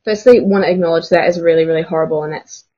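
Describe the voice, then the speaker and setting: A woman's voice: low-pitched, very fast, warm tone, muffled recording. A woman guest on a podcast who speaks in a sympathetic, thoughtful way. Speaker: podcast guest and sex worker activist. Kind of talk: casual podcast chat.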